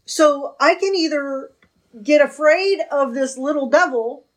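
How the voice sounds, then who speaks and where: A woman with a high voice talks earnestly through a casual conversation about faith and scripture. She slows down to lean on the points she cares about. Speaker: panelist in a faith discussion. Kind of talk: casual religious discussion.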